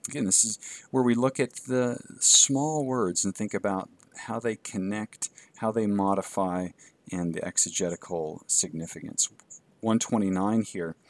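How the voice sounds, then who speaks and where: A man teaching a Greek course in a recorded lecture, measured and halting with fillers, reading Greek aloud and then translating it. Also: on the low side, no room sound. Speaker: Greek instructor.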